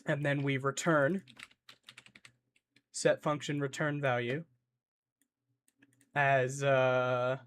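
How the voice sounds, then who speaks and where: A young man streaming live, thinking out loud as he codes and answering his chat in a rambling, playful way. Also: medium pitch, level tone, drawn-out words, pauses often.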